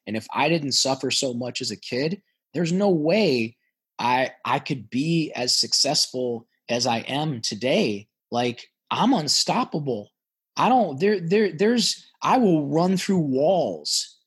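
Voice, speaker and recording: A middle-aged man, guesting on a podcast, talks intensely and emphatically about hard experiences, repeating words as he gets worked up in this emotional interview. His voice is medium-pitched and fairly bright, with a breathy edge.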